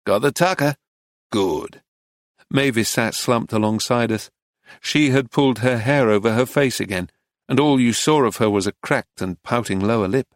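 A man narrates a story at a measured, even pace, with a mid-range voice. The recording is dry and close-miked, with no room sound. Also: mid-range voice, dry recording. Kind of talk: audiobook narration.

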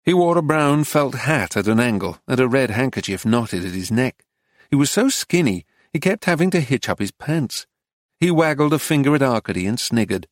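A man narrates a story at a measured, even pace, with a mid-range voice. The recording is dry and close-miked, with no room sound. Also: medium pitch, dry recording. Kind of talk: audiobook narration.

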